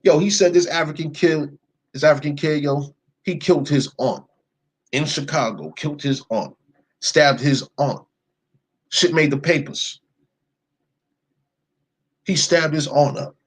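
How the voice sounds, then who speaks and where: A young man with a slightly high, husky voice delivers a casual monologue full of swearing. He tells a story in an emphatic way, often checking in with "right?" and tossing in "yo". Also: unhurried, pauses often, rough recording. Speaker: commentator.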